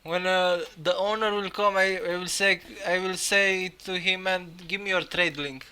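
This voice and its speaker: A young man live-streaming, reacting in excitement, swearing a lot and laughing often. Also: high voice, normal speed, slight background noise.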